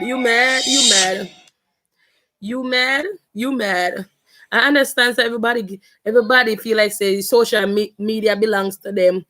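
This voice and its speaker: A woman's voice: medium pitch, a bit bright. A woman, taunting her viewers in a casual vlog chat. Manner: taunting, repetitive, sassy. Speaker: vlogger reacting to videos.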